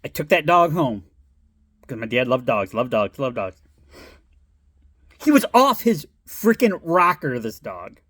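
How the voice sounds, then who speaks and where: A man's voice: medium pitch, big pitch swings, measured pace, long pauses, fairly bright tone, no room sound, clean studio sound. A middle-aged man telling a personal story in a rambling, casual way, swearing and laughing as he goes. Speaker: vlogger.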